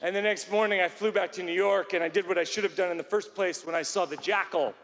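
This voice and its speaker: A man telling a stand-up story in a rambling, self-mocking way, now and then bursting into shouts, on a theater stage. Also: high voice, steady tone, quick pace. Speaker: stand-up comedian. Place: large theater stage before a live audience. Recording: live hall recording with faint room noise.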